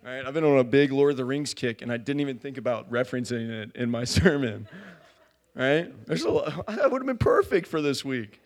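A man preaching in a church, casual and chatty, full of "man" and "right?" asides. His pitch jumps around a lot as he talks. He builds from quiet reflection to loud, fervent exhortation. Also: animated, normal speed. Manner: conversational, filler-heavy preaching, rising to loud fervor. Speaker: pastor. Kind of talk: sermon.

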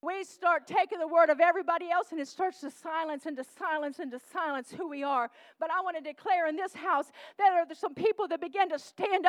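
A woman preaching a sermon, calling out to the congregation and swinging from shouts to hushed tones. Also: very high-pitched, a little fast, hardly any pauses, no echo.

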